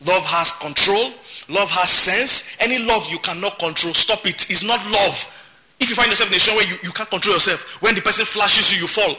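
A man's voice: high voice, quick pace, bright, forceful tone. A man preaching a sermon as pastor, emphatic and repeating his words. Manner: emphatic, repeats words, laughs between points.

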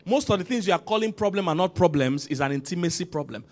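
A man preaching as senior pastor in a church, swinging from loud calls to quiet emphasis and asking the congregation to respond. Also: high-pitched, expressive, quick pace. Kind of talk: sermon.

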